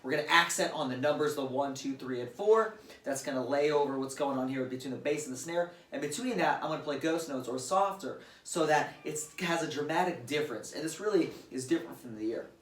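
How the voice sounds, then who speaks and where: A man's voice: on the high side, fast talker, few pauses. A man teaching drum grooves in a casual demo, counting beats aloud and explaining plainly at his kit. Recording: roomy and distant, loud drums behind. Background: loud drum playing.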